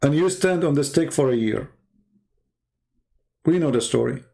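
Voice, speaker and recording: A man's voice: fairly high pitch, normal speed, vocal fry, dark tone. A man hosting a livestream, talking in a combative, mocking way and challenging his listeners. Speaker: livestream host. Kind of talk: taunting livestream monologue.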